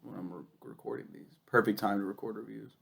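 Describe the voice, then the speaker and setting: Gravelly sick man ranting. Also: lowish voice, quick pace, a little hiss or hum. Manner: profane, rambling, excitable. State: sick with a cough. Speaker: film reviewer. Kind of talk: casual film review.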